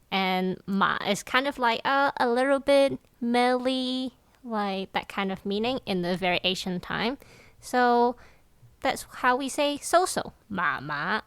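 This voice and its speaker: A woman's voice: mid-range voice, expressive, a bit bright, clear, resonant tone, no echo. Chatty woman explaining phrases. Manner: chatty, many "like" fillers, explains slowly. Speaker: podcast co-host teaching Cantonese. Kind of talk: casual language lesson chat.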